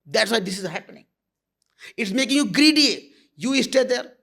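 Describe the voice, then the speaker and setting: A man teaches at a satsang in a high voice with a gravelly edge. He talks bluntly but tenderly to his listeners. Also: lively intonation, normal speed, a bit bright. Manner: blunt and intimate, calling listeners "my love". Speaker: spiritual teacher. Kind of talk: satsang talk.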